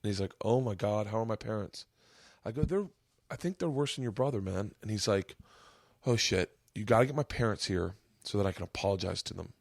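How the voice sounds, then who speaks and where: A man in his forties hosting a podcast, telling a long story with lively acted-out quotes. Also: lowish voice, a little fast, vocal fry, no room sound, clean studio sound. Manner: animated storyteller, acts out quotes, gets choked up. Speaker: podcast host. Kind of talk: casual storytelling chat.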